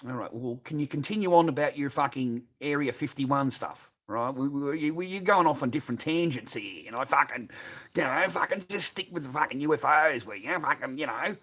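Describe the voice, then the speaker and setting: An Australian man chats loosely to his livestream audience at a middling pitch. He rambles and swears freely, piling up filler words as he goes. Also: lively intonation, brisk, fairly bright tone. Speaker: livestream host. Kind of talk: casual livestream chat, reading viewer comments.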